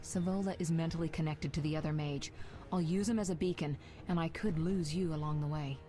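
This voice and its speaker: An actress voicing a confident young sorceress in a video game, calm and firm. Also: female voice, deep voice, fairly quick, soft background music, close to an everyday voice. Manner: calm, firm, matter-of-fact. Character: confident young sorceress, cool and self-assured.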